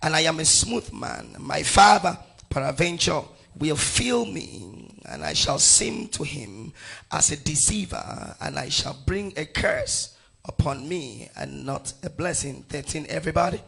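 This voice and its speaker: A middle-aged Nigerian pastor preaches, reading scripture aloud together with his congregation in a gravelly, husky voice with bright, forceful edges. His pitch swings widely and has a sing-song quality as he calls out verses at an unhurried pace and rises into shouts.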